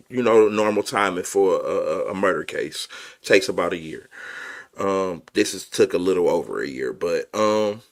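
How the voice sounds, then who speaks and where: A man's voice: fairly low pitch, fairly bright tone. A man hosting a podcast, commenting casually and emphatically, speaking to his viewers and swearing freely. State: emotional. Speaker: podcast host.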